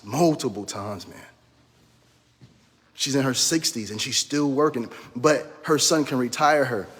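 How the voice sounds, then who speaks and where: A middle-aged life coach and minister delivers an impassioned motivational talk, preaching, repeating his phrases and calling listeners brother. His mid-range voice is a bit bright and slightly rough, and the recording carries a long reverb tail.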